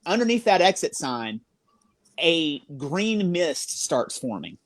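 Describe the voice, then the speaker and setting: Ghost hunter telling a story all excited, lots of um and like, dry sound. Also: mid-range voice, takes it slowly, no echo. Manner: rambling, full of fillers. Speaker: paranormal investigator.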